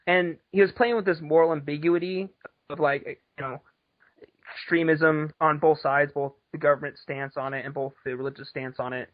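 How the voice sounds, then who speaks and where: A man's voice: on the high side, steady tone, moderate pace, no echo. A man chatting casually on a podcast, rambling and swearing, with frequent laughs. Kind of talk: casual chat. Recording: dull lo-fi podcast audio.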